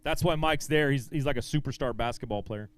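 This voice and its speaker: A man emceeing a fishing tournament weigh-in outdoors, booming out weights and angler names in an upbeat, lively way over a handheld microphone. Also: brisk, clean tone. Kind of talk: live weigh-in announcing.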